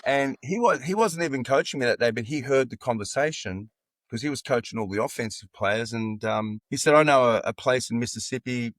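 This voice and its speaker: An Australian man in his sixties tells stories in a relaxed, conversational way. He acts out other people's lines as he goes. His mid-pitched voice is recorded dry and close. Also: no room sound. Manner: animated anecdotes, acting out quoted dialogue. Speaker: football coach, podcast guest. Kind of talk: casual storytelling in an interview.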